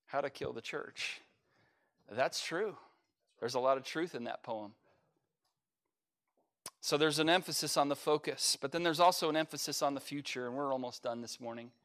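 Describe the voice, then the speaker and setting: A man, a pastor, preaching a sermon in a church, talking emphatically with loud, rising stretches and frequent restarts of his phrases. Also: medium pitch, normal speed, pauses often. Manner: repeats words and restarts phrases. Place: church sanctuary.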